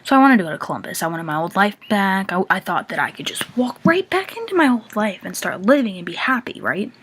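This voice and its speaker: A woman's voice: lowish voice, a bit bright. A young woman talking casually to the camera, confessing her feelings with many filler words and now and then dropping to a whisper. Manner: chatty, many "like" fillers, drops to a whisper at times. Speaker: vlogger.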